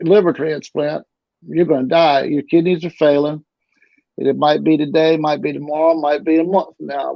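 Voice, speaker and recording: Gravelly middle-aged man telling his story. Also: a little high, no room sound. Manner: rambling, with frequent restarts and repeats. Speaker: interview guest. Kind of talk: casual storytelling. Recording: dull, lo-fi dry recording.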